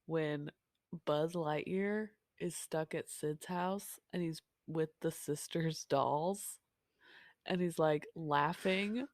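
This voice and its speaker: A woman co-hosting a podcast, reacting with jokes, quick laughs and pop-culture asides. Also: sits low, no echo, studio quality. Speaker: podcast co-host. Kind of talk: casual chat.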